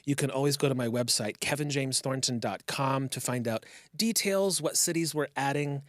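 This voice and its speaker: Relaxed man hosting a podcast, dry sound. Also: mid-range voice, normal speed, no room sound. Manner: relaxed, rambling, self-reflective. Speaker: podcast host and comedian. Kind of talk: casual podcast chat.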